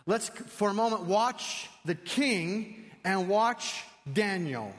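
A male preacher delivering an animated sermon, swinging from loud to hushed, in a church sanctuary. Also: sits high, slow pace, few pauses. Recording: long reverb in a large hall.

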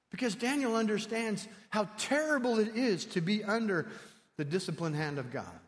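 A male preacher delivering an animated sermon, swinging from loud to hushed, in a church sanctuary. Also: high-pitched, moderate pace. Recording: long reverb in a large hall.

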